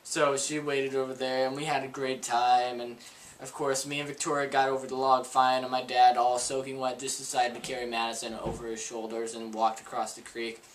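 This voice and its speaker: A man's voice: medium pitch, flat delivery, fairly quick, slight background noise, poor audio. A young man vlogging a childhood story to camera, rambling and full of "like" and "um.". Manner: rambling, filler-heavy with frequent "like".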